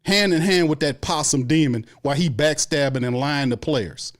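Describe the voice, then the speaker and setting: A man's voice: on the high side, normal speed. A man hosting a sports show, delivering an angry, profane fan rant full of repeated complaints. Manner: angry, profane, repetitive ranting.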